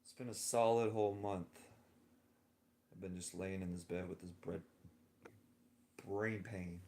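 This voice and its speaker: Male vlogger, unhurried drifting monologue from bed; lowish voice, slow delivery, faint room ambience behind. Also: steady tone, a little mellow, slight background noise. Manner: musing, drifting, with frequent chuckles. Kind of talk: rambling personal monologue. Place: lying in bed indoors.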